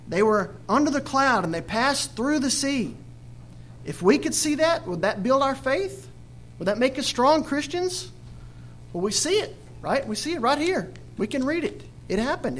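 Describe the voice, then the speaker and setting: A man's voice: extremely high pitch, fairly bright tone. A man preaching a Bible study sermon, reading scripture aloud and then explaining it with questions to his listeners, acting out the people's complaints in quoted voices.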